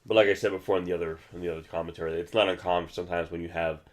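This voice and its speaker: Deep-voiced chatty young man. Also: fairly even intonation, rapid-fire. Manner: rambling, chatty, many restarts. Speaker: movie commentary co-host. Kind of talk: casual movie commentary.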